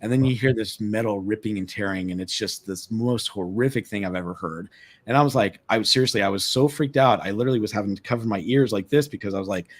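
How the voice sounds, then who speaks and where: Low-voiced guy telling a spooky story, gets excited, repeats himself, acts out the lines. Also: fast. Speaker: guest, former ship tour guide. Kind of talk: animated storytelling. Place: remote live stream call.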